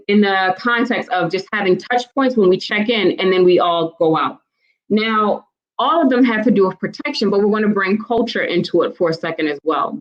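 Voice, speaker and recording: Woman teaching parents on a live stream, chatty, keeps asking viewers to chime in, kinda muffled lo-fi sound. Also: mid-range voice. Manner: conversational, asks the audience for responses. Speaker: host and parenting educator.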